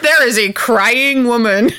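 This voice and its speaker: A woman's voice: fairly high pitch, pushed and bright, dry recording, studio quality. A woman co-hosting a podcast in casual chat, rambling with lots of fillers and frequent giggles. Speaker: podcast co-host.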